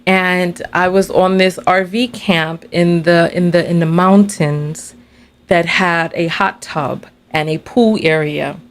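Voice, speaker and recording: A woman's voice: fairly low pitch, slow pace. Chatty woman hosting a livestream. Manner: animated, chatty, laughs between remarks. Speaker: livestream host. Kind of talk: casual livestream storytelling.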